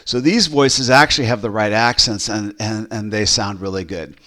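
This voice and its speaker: A man who pastors, casually walking through a software demo, rambling with fillers and restarts. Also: on the low side, normal speed.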